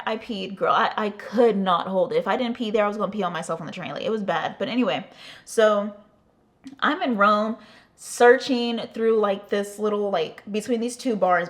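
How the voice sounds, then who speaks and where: A young adult woman telling a casual storytime for her vlog, chatty and profane, with lots of "like". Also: mid-range voice. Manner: profane, chatty, heavy use of "like". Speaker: vlogger.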